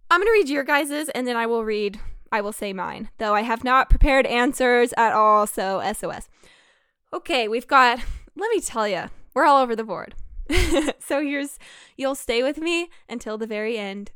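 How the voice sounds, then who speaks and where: A young woman with a bright, higher voice that stays smooth and clear, hosting her podcast in a bubbly, giggling chat. She reads listener answers aloud with quick asides, and the recording is dry and close to the mic. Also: animated, no room sound. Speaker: podcast host and shop owner.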